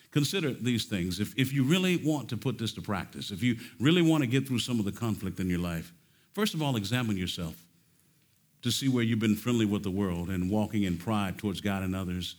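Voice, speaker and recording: Emphatic preaching man, rising and falling. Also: fairly low pitch. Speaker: conference speaker. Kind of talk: sermon. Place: conference stage.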